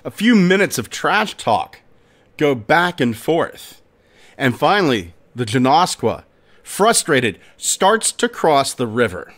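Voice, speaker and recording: A man hosting a podcast, narrating a folk tale in a dramatic, expressive storytelling manner. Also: on the high side, slow. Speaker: podcast host.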